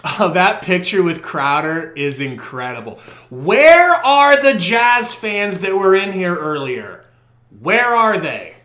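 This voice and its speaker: A young man doing live fan play-by-play on a podcast stream, muttering then shouting as plays unfold, on a poor microphone. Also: high voice, takes it slowly, roomy sound. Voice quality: profane, partisan fan commentary. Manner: excitable, swings from muttering to shouting. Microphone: poor quality microphone.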